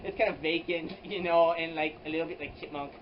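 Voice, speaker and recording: A man's voice: a little high, steady tone, a little fast, natural voice. A man voicing a tiny, petty young male pig in an improvised comedy vlog, rambling and giggly in a childlike baby-talk voice, full of "like" and restarts, recorded on a handheld camera mic. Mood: chatty. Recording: slightly dull audio with air conditioner hum.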